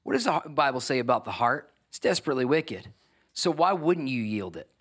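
A man preaching a sermon, building to emphatic, energetic exhortation. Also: mid-range voice, brisk. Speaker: pastor.

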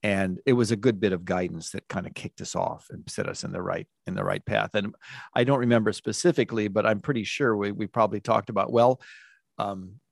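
Middle-aged man, low voice, rambling with restarts and fillers, dry close sound. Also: a little fast, vocal fry, no echo. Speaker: interview guest, music and sound design program director. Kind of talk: casual storytelling interview.

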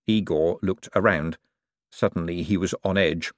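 A man reading an audiobook as narrator with expressive, dramatic storytelling. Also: low voice, normal speed, dry recording, clean studio sound. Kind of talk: scripted narration.

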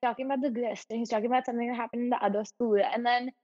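A woman's voice: fairly high pitch, steady tone, very fast, darkish tone, dry recording, big-room sound, muffled recording. A woman co-hosting a podcast, chatting casually and animatedly, often digressing. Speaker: podcast co-host. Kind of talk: casual chat.

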